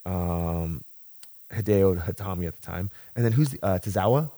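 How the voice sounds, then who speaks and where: A man's voice: sits low, normal speed. A man in his thirties on a podcast, casually telling long stories, swearing freely and acting out what other people said. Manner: animated, profane storytelling, acts out other people's lines. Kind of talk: casual chat.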